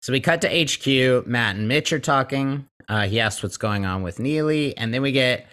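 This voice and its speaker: A man's voice: medium pitch, normal speed, a bit bright, clear, resonant tone. A man co-hosting a podcast, chatting casually and retelling TV scenes with quoted lines. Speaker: podcast co-host. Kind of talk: casual chat recapping a TV episode.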